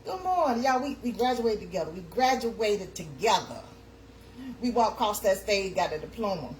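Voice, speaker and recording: A woman's voice: mid-range voice, lively intonation, normal speed, slight background noise. A woman hosting a casual live chat, talking in a sing-song way and reading comments aloud. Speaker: livestream host.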